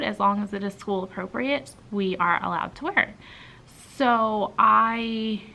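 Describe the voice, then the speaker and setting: A woman's voice: mid-range voice, pushed and bright, a little hiss or hum, low-quality recording. A young adult woman teacher talking casually to her vlog camera inside a school, tired and full of ums and likes. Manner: chatty, with frequent ums and likes. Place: school building, indoors.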